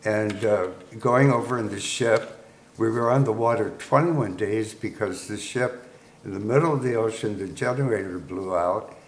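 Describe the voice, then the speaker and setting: A man's voice: lowish voice, normal speed. A man in his eighties, a veteran guest, unhurriedly recounting wartime memories with chuckles, recorded in an echoey room. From United States. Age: 80s. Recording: echoey room with faint noise.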